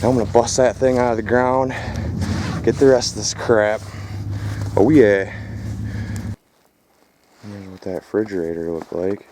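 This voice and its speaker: A low-voiced man from Michigan narrates his own outdoor vlog in a rough, casual, swearing manner. He speaks into a handheld camera out in the countryside, with faint outdoor noise around him. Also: fairly even intonation, unhurried, pauses often. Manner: rough-talking, swears casually, calls viewers "boys". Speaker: vlogger scrapping metal.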